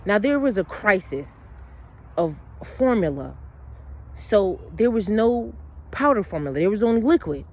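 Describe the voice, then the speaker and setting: A woman speaks unhurriedly in a mid-range, sing-song voice, recounting a long personal story in casual monologue. She's blunt and emotional, curses freely, and rambles with restarts and asides.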